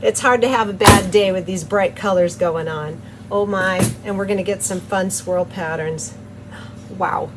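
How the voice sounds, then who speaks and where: A woman with an ordinary pitch chats in a relaxed, cheerful way as she works, often breaking into giggles. She hosts her own soap-making channel from her home studio. A faint noise sits under her voice. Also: a little slow. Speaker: soap maker and channel host. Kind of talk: casual chat while making soap.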